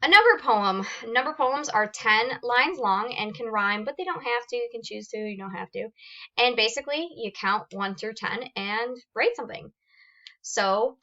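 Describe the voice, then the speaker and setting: A woman's voice: a little high, expressive, normal speed, bright, forceful tone, muffled recording. A woman teacher explaining poetry forms step by step in a recorded lesson, reading examples aloud with fillers and restarts.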